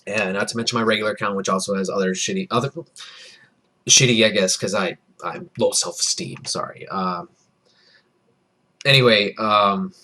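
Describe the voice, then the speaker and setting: A man's voice: lowish voice, steady tone, moderate pace, pauses often, pushed and bright. Tipsy young man rambling profanely. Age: early 20s. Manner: profane, rambling, self-deprecating storytelling. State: tipsy from beer. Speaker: vlogger. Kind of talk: rambling casual vlog.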